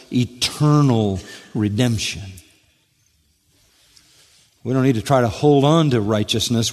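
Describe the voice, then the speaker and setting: A man delivers an expository sermon from the pulpit, repeating his key phrases and putting questions to the congregation. His voice climbs to emphatic high stresses and then sinks almost to a hush. It carries a long hall reverb, as if heard in a church sanctuary. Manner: emphatic, rising to high stresses then dropping to a hushed low. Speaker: pastor.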